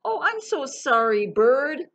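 A woman's voice: sits high, very animated, takes it slowly, a bit bright, voice pushed up, heavily acted. A woman voicing an eager, well-meaning young male rabbit in a children's storytime reading. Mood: fretful.

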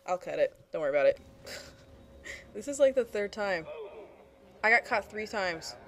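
A woman's voice: medium pitch, very animated, moderate pace. Swearing, frustrated woman gamer. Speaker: gameplay commentator. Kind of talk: casual gameplay commentary.

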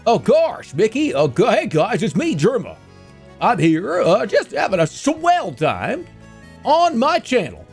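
A man putting on a goofy, cheerful cartoon dog voice with a dopey drawl, higher than his own. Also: huge pitch swings, unhurried, faint music behind, full character voice. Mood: cheery.

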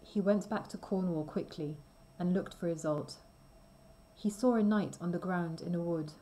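A woman reading a simple storybook aloud slowly and clearly for language learners. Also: fairly low pitch, dark tone, slight background noise, rough recording. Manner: careful, deliberate reading. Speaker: reader.

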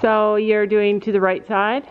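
Chatty mom vlogging at a barn. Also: female voice, mid-range voice, level tone, measured pace, phone-quality sound. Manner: chatty, explains gear to viewers. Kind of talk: casual vlog chat. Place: outdoors at a horse barn.

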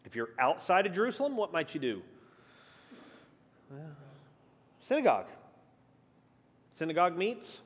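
A fairly high-voiced man leads a midweek church class, chatting and firing questions at the room. His voice carries a long reverb from the hall around him. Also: moderate pace, long pauses, husky. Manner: asks the class questions, lively, shifting emphasis. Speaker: pastor teaching a church class. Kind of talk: conversational Bible teaching.

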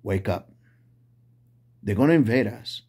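A man's voice: fairly low pitch, animated, unhurried, darkish tone, breathy edge. A man delivering an impassioned preaching monologue in non-native English. He repeats phrases and restarts often.

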